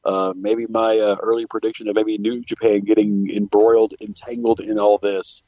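A man's voice: lowish voice, normal speed, no echo. Sarcastic man on a dull, lo-fi mic. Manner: sarcastic, animated, voices imagined dialogue. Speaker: podcast co-host. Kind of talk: casual wrestling talk.

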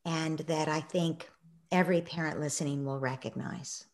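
A middle-aged woman telling a story in a conversation, acting out quoted voices and sinking to a soft near-whisper in reflective moments. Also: sits low, steady tone, normal speed. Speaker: guest, parenting author.

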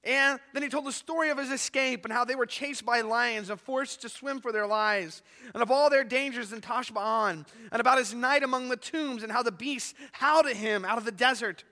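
A male pastor preaching a sermon and reading a story aloud in a dramatic, animated way. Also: very high-pitched, normal speed, few pauses, big-room sound.

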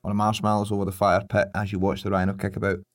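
A man's voice: on the low side, monotone, fast. A man in his thirties, co-hosting a podcast and telling jokey stories in casual chat over faint music. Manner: jokey storytelling, laughs at own puns. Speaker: podcast co-host.

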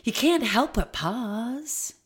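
A woman's voice: on the high side, expressive, slow. A woman hosting a solo spiritual podcast, talking in a rambling, stream-of-consciousness way with emphatic moments. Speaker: podcast host.

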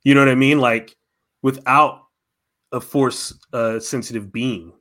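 A man's voice: medium pitch, fairly even intonation, a little slow, fairly bright tone. Rambling, enthusiastic man in casual chat.

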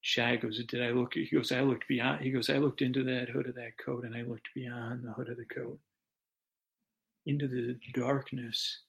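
Gravelly, rambling bedtime storyteller man. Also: mid-range voice, little pitch movement, normal speed, fairly bright tone, dull audio. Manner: meandering, digressive, full of restarts and asides. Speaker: podcast host telling a bedtime story.

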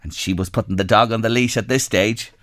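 An Irish man hosting a radio show, chatting casually and reading out listener messages with lively storytelling. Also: fairly low pitch, brisk, no room sound, studio quality.

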